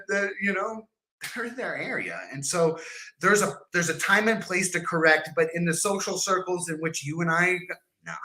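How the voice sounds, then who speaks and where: A man's voice: a little high, sharp tone. A man co-hosting a casual podcast, rambling and restarting often, with the odd curse. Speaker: podcast co-host. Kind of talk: casual chat.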